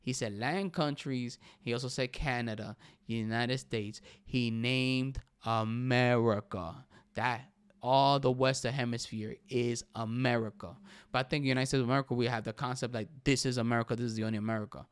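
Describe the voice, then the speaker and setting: A man's voice: medium pitch, fairly even intonation, normal speed, clear, resonant tone, no room sound, studio quality. A young man hosting his own podcast, talking casually and emphatically and saying "bro" often. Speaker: podcast host. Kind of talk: casual solo podcast commentary.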